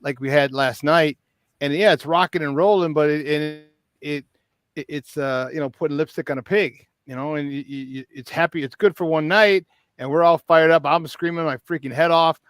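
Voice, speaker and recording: A man hosting a morning sports talk show, telling stories in an animated, excitable way. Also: fairly high pitch, normal speed, smooth, no echo, studio quality. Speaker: host. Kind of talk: casual sports radio talk.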